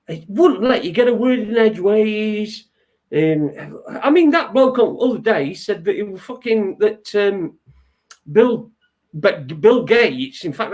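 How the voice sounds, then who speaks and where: A man hosting a casual chat show, rambling and halting with lots of swearing. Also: high-pitched, a little mellow. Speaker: host.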